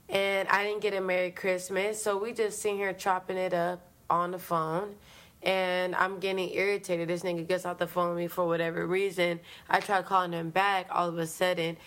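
A woman co-host telling a story in casual chat, animated, profane and slangy, acting out her own past lines. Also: fairly low pitch, a little fast.

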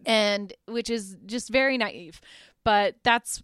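A woman hosting a podcast retells a movie plot casually and chattily, laughing often and peppering her talk with "like." Her medium-pitched voice is a bit bright and smooth, she takes it slowly, and the studio sound is clean with no echo.

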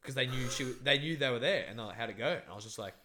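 A man's voice: mid-range voice, lively intonation, fast talker, pushed and bright, slight background noise. Rambling, profane young man. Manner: rambling, profane, lots of fillers. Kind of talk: casual chat, recounting a dream.

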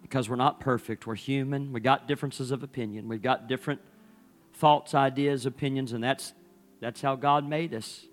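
A man's voice: medium pitch, fairly even intonation, normal speed, faint music behind. A male pastor preaching a sermon in a conversational, storytelling way, repeating phrases for emphasis. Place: church service.

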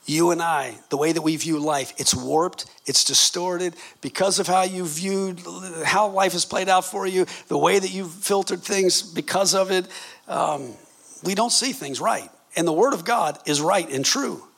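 A man in his fifties preaching a passionate sermon, moving from low, intimate tones to shouted exclamations. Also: measured pace, creaky. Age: 50s. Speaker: pastor.

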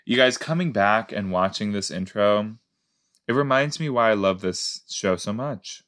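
A man's voice: lowish voice, moderate pace, a bit bright. A man hosting a podcast and giving playful, rambling commentary as he rewatches a show. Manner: playful, rambling, self-mocking. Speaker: podcast host.

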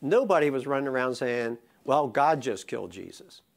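A man preaching a sermon. He talks casually with many fillers, then builds to slow, impassioned emphasis. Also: medium pitch, creaky. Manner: conversational, rising to impassioned emphasis; many fillers and restarts in the calmer parts. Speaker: pastor.

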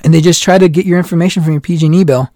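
A man's voice: on the high side, very fast, no echo, studio quality. A man in his thirties telling stories in casual chat, acting out the people he quotes. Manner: animated storyteller, acts out quoted lines. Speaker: guest.

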